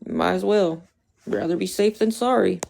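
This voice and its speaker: A young woman on a livestream, casually venting to her chat in a fairly low voice. She swears freely and talks loosely and off the cuff. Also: normal speed, gravelly, a little mellow.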